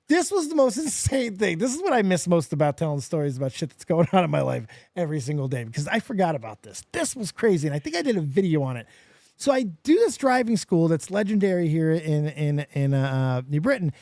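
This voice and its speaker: A man's voice: fairly high pitch, fairly quick, no room sound. Guy from vegas hosting a chat show, swears a lot, voice jumps all over the place, dry close mic. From Las Vegas. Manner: profane, animated storyteller. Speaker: podcast host. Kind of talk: casual chat.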